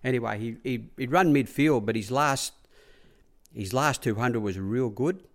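A man with an Australian accent and a mid-range voice talks at a measured pace, rambling through casual stories of his track-rider years. "He said" and "I said" come up repeatedly as he goes.

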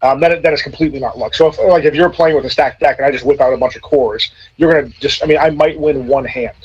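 A man as a podcast guest in casual chat, rambling and animated. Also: medium pitch, fast talker, husky. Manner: rambling, animated, many restarts. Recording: dull lo-fi sound.

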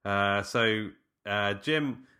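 Bright-voiced man, chatty. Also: lowish voice, slow, smooth. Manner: chatty, rambling with many fillers and laughs. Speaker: podcast co-host. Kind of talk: casual film discussion.

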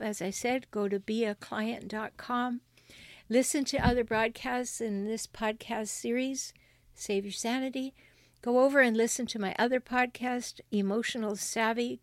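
A woman's voice: on the high side, no echo, clean studio sound. Emphatic woman podcast relationship advisor. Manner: earnest, emphatic, coaching the listener. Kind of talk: direct-address podcast advice.

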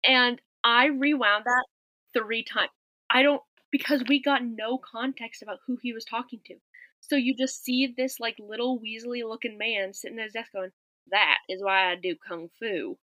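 A woman's voice: fairly high pitch, fairly even intonation, moderate pace, bright, forceful tone, no echo, poor audio. A woman co-hosting a podcast, chatting casually and wryly as she recaps a movie scene by scene. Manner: chatty, wry, recounting scenes with quoted lines. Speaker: podcast co-host.

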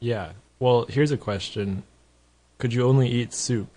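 Podcast co-host, male, warm low-key tone, playful banter. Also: unhurried, rough recording. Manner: joking, leads a mock guided meditation. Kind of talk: casual chat.

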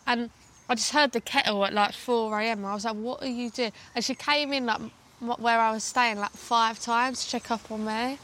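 A woman's voice: fairly high pitch, fairly even intonation, moderate pace, a bit bright. A young woman, a younger sister, talking bluntly in casual chat.

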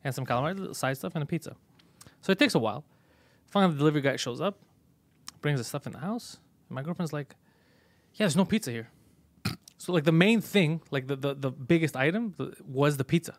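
A man hosting a casual comedy podcast, telling a story in an animated way and swearing a lot. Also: a little high, fast talker, dry recording. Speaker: podcast host.

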